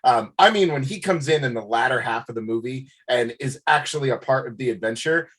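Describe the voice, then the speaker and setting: A man chatting as a guest on a film review podcast, animated and often laughing. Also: medium pitch, brisk, husky. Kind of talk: casual chat.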